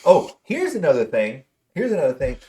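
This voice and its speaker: A man's voice: a little high, wildly swooping pitch, a little fast, dark tone. A man hosting a podcast, ranting with exasperated profanity in a casual movie review chat. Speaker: podcast host.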